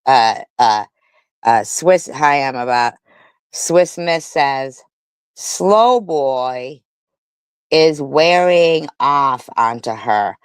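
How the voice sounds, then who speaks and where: A woman's voice: very deep voice, expressive, slow pace, clean tone, no echo. A woman doing livestream commentary, reading comments aloud and reacting with indignation and heavy swearing. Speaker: commentary streamer.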